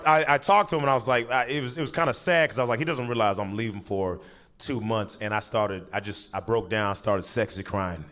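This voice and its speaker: A man doing stand-up, telling a long story and acting out the people in it with quick voice changes. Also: medium pitch. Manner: animated, acts out characters in quick voices, breaks into laughter. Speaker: stand-up comedian.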